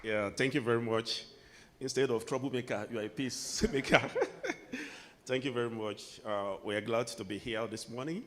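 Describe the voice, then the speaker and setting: A man's voice: medium pitch, steady tone, a little fast. Man speaking in an echoing hall. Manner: hesitant openings with "you know", then formal address. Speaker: institute department head giving a speech. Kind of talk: formal conference speech. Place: conference hall. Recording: hall reverb with faint background noise.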